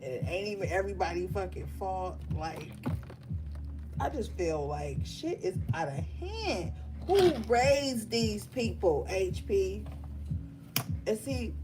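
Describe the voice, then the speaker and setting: Slow, profane woman chatting over music. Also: mid-range voice, lively intonation. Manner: blunt, profane, laughing, chatty. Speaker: tarot reader. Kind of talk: casual livestream chat. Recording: music playing behind.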